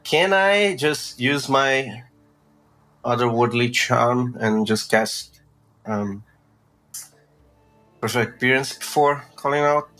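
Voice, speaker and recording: A man's voice: medium pitch, slow, long pauses, bright, forceful tone, faint music behind. A man speaking as a player in a tabletop game, easygoing and a bit hesitant. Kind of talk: casual tabletop game talk.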